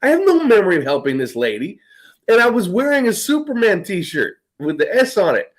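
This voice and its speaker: A man's voice: high voice, wildly swooping pitch, a little fast. A man, the host of a casual chat, telling stories in a profane, rambling way, laughing often.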